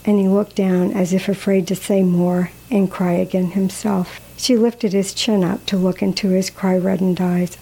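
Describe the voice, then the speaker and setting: A woman calmly reading a story aloud in a measured, gently expressive way. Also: medium pitch, slightly rough, rough recording. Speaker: narrator.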